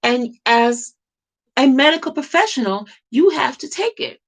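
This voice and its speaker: A woman's voice: high voice, lively intonation, a little slow, husky. A woman talking to camera in an impassioned monologue, emphatic and repetitive, firing off rhetorical questions. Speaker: vlogger.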